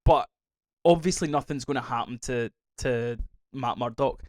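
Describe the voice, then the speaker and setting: A man's voice: medium pitch, normal speed, no echo. Chatty Scottish man, dry close sound. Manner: rambling, animated, swears freely. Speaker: podcast co-host. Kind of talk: casual chat.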